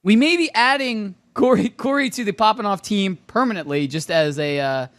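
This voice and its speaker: A man co-hosting a casual pop culture podcast, telling stories with lots of laughter and excitement. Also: sits high, moderate pace, no room sound. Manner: excitable storyteller, laughs often. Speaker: podcast co-host. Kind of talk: casual chat.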